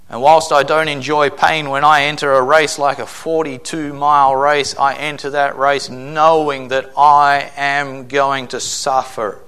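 Emphatic, bright-voiced preacher man. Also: fairly high pitch, smooth. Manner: emphatic preaching with acted-out quotes. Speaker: pastor. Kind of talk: sermon.

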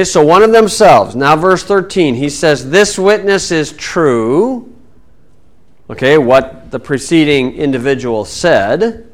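A man teaching the Bible in a folksy sermon style, with sarcastic asides and mocking voices. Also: on the high side.

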